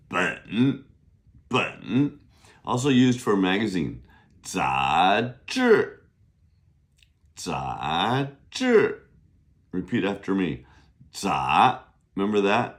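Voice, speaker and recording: A man teaching Mandarin in a casual online lesson, joking around, spelling out words and drawing them out slowly for learners to repeat. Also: sits low. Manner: playful, jokey, sings to himself; slow, drawn-out model pronunciation. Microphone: camera on a desk.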